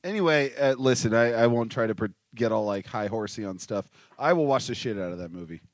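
A man's voice: medium pitch, fairly quick, dry recording, clean studio sound. A man co-hosting a podcast, chiming in with wisecracks and absurd jokes in casual chat. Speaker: podcast co-host.

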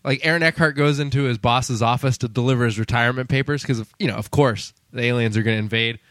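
A man on a comedy podcast, retelling movie scenes with quick acted-out quotes and laughs. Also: mid-range voice, steady tone, fairly bright tone, dry recording. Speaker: podcast co-host. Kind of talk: casual comedy podcast chat.

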